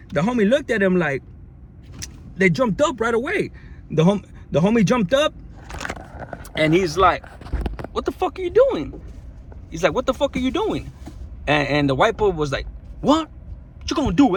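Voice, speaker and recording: Man with a fairly high voice, casual storyteller full of slang and fillers, faint hiss behind him. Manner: slangy, lots of fillers and restarts. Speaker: storyteller recounting jail experience. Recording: faint background noise.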